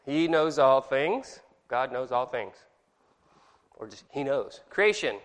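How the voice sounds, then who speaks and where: A man's voice: medium pitch, sing-song, slow pace. A man leading an informal Bible study lesson, chatty and rambling, quizzing his class and correcting himself as he goes. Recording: reverberant hall with long echo.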